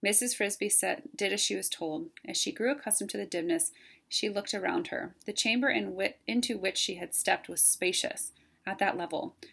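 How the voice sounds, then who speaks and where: A woman, a teacher, reading a chapter book aloud in a plain, steady way. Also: mid-range voice, moderate pace, creaky, husky. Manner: plain, steady reading with some self-corrections.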